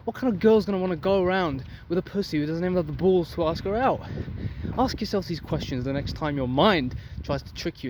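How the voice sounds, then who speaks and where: A man's voice: on the high side, expressive, a little fast. A young man giving a blunt, profane motivational rant outdoors for his vlog. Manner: intense, profane, preachy. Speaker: vlogger. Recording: loud street traffic noise.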